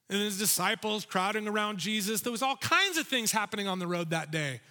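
Bright-voiced preacher man in a hall. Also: sits high, a little fast, few pauses. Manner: animated, urgent, exhorting. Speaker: pastor. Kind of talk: sermon. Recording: reverberant hall.

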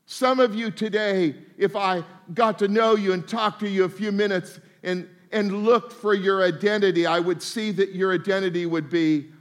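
Male pastor, high-pitched, humorous folksy sermon delivery. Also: steady tone, normal speed, few pauses. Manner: folksy, humorous preaching that slips into mock voices.

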